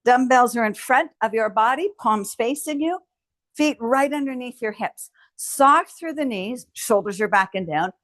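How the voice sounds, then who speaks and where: This woman's voice is a little high, animated and fairly bright as she unhurriedly coaches a home strength workout. She cues every move and cheers the viewer on, and there's no room sound.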